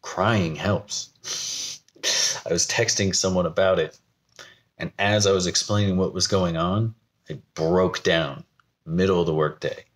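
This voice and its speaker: A man's voice: deep voice, fairly even intonation, a little slow, pauses often. A young man from the United States talking candidly to camera in a vlog, rambling and laughing at himself. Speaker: vlogger. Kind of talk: personal talk to camera.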